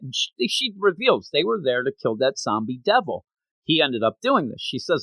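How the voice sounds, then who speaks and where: A man co-hosting a podcast, chatting casually and acting out quoted lines in quick voices. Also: mid-range voice, sing-song, a bit bright, dry recording. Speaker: podcast co-host. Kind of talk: casual chat recapping a manga chapter.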